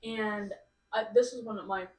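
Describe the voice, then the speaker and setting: A woman's voice: medium pitch, a little slow. Young woman guest rambling on, tons of "like"s, echoey room, kinda far from the mic. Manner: rambling, full of "like" fillers, animated storytelling. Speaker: podcast guest. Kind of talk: casual chat. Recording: roomy sound from off mic.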